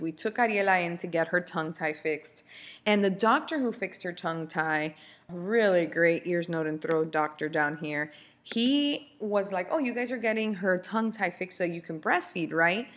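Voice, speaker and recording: A woman's voice: medium pitch, fairly bright tone. A woman in her thirties hosting a podcast, telling a personal story in a candid, chatty way with frequent restarts. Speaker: podcast host.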